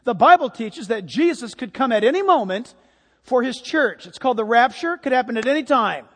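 A man, a pastor, preaching a sermon and telling stories in a lively, chatty way. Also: very high-pitched, a little fast, big-room sound. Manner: animated, chatty storytelling. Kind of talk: sermon with anecdotes. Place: church sanctuary.

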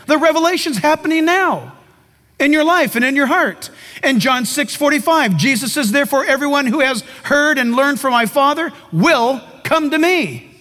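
A man preaching a sermon as pastor, emphatic and animated, with comic asides to the congregation. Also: very high voice. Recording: long reverb of a large hall.

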